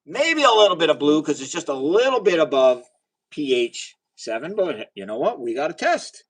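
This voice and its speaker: A chatty, excitable man running a live chemistry demo and talking straight to his viewers. His voice sits a bit high for a man and swings widely in pitch, and he drifts from the mic now and then as he moves around his bench. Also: normal speed, low-quality recording. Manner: chatty and excitable, talks to viewers, cheers at results. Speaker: livestream host doing chemistry experiments. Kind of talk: casual live science demo.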